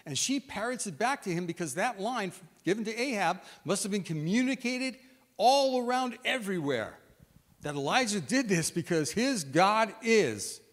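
Male pastor, sermon, animated storyteller, lively pitch, long hall reverb. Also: moderate pace. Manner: animated storytelling, acts out the scripture.

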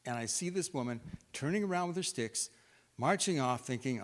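A man preaching a sermon, retelling scripture in an animated storytelling way as if acting it out. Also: medium pitch, a little fast. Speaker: pastor. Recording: reverberant hall.

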